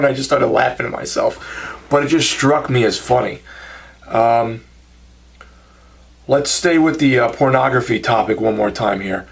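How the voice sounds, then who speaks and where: A man's voice: medium pitch, vocal fry. A man telling funny anecdotes in a casual, self-mocking way, acting out the people he quotes. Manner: chuckling, self-deprecating anecdotes with quoted dialogue. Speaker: channel host telling stories. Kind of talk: casual storytelling monologue.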